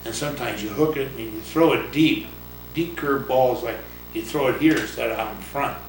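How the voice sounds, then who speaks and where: An older man, a retired pitcher and coach, telling rambling stories in a casual interview, chuckling and acting out the voices of others. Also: moderate pace. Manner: rambling anecdotes, acts out voices, chuckles often. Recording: roomy, distant mic, noisy ambience.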